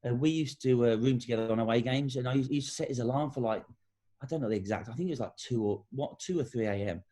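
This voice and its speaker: A man's voice: mid-range voice, fast, mellow. A middle-aged man from England, a former footballer and guest, telling anecdotes in a casual interview and acting out the quotes. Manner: anecdotal storytelling, acts out quotes.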